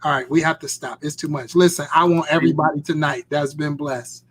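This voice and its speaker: Male host-preacher, urgent and repetitive, voice sits a touch high. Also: steady tone, fairly quick, a bit bright, slight background noise. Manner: fervent, urging, repetitive exhortation. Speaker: host and pastor. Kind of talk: live-stream sermon talk.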